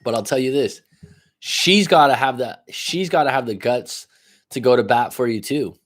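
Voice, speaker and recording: A man's voice: mid-range voice, normal speed. A man giving live coaching advice in a blunt, profane way, pushing the listener with repeated questions. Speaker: life coach.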